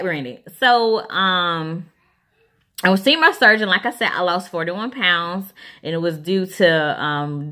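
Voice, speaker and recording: Bright-voiced chatty woman. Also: lowish voice. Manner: chatty, rambling, lots of ums. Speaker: vlogger. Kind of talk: casual chat to camera.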